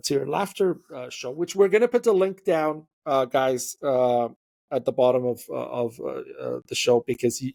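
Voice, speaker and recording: A man's voice: mid-range voice, creaky. A man hosting a podcast, chatting casually and telling stories with lots of fillers and asides. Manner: storytelling, animated, many fillers. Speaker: podcast host. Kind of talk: casual interview conversation.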